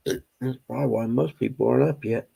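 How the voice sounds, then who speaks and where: A man's voice: medium pitch, steady tone, a little fast, creaky, mellow, husky, low-quality recording. A man chatting casually on an early-morning livestream from home, rambling along. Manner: rambling, drawling, talks to his pets. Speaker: live streamer. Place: home, indoors.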